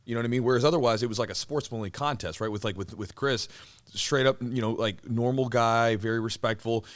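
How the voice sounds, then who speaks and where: A man's voice: medium pitch, fast talker. A man hosting a podcast, telling stories casually with lots of fillers, restarts and laughter. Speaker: podcast host, former fighter. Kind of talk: casual storytelling chat.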